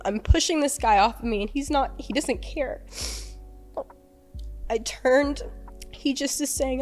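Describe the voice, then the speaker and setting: A woman's voice: high voice, unhurried, a little mellow, soft background music. A young woman recounting a personal story as a podcast guest, rambling and peppering her talk with "like". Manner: rambling, heavy use of "like", emotional retelling. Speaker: interview guest.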